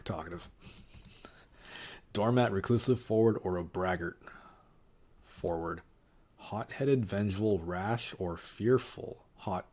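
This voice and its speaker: A man's voice: on the low side, a little mellow, husky. A man streaming casually, reading quiz options aloud and muttering wry, sarcastic asides.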